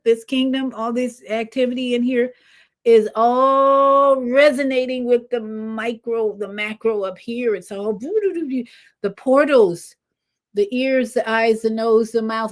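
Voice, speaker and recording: An older woman hosting a casual spiritual livestream, rambling with animated asides. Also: fairly high pitch. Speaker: livestream host.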